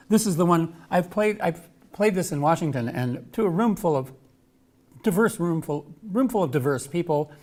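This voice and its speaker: Chatty male lecturer, slightly high voice. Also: darkish tone. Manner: chatty, with many restarts and asides. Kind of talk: academic talk with slides.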